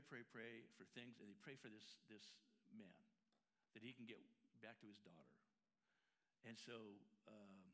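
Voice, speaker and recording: Low-voiced pastor telling a story. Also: male voice, fairly bright tone, low-quality recording. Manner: halting, many fillers and repeated words. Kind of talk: sermon storytelling and prayer. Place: church sanctuary.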